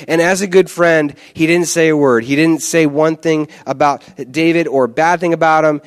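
A man's voice: on the high side, fairly even intonation, normal speed. A male pastor delivering a conversational, emphatic sermon and often repeating words for stress.

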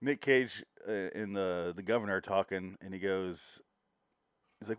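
A man's voice: deep voice, fairly even intonation, normal speed, clear, resonant tone, no room sound, studio quality. Wry, blunt man chatting about movies. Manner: wry, blunt, laughs often. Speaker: podcast co-host. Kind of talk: casual banter about movies.

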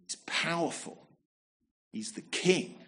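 A man's voice: a little high, animated, slow pace, pushed and bright. A man preaching a sermon in a conversational manner, often asking rhetorical tag questions and repeating words as he restarts.

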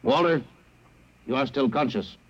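An actor playing a cold, logical male alien who speaks in a flat, measured, emotionless way, in an old radio drama. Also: medium pitch, slightly rough. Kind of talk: 1950s radio drama acting. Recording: dull lo-fi old radio broadcast.

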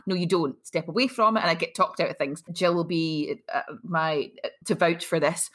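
A woman's voice: fairly low pitch, normal speed, hardly any pauses. A woman in her thirties hosting a casual chat, telling stories and acting out voices. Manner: lively storyteller, acts out voices, laughs. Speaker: host.

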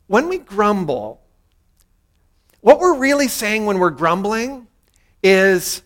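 Earnest high-voiced male preacher. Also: big pitch swings, slow pace, pauses often, a bit bright. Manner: earnest, leads congregation in spoken prayer. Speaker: pastor. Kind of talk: sermon.

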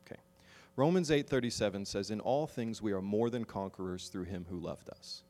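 A man preaching a sermon to his congregation, moving from wry, conversational asides to loud, slow, emphatic exhortation. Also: lowish voice, big-room sound. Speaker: pastor.

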